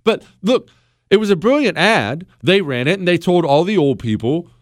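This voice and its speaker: A man's voice: high voice, animated, normal speed, no echo. A man hosting a talk radio show, speaking bluntly and sarcastically in a studio. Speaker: radio host. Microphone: studio microphone.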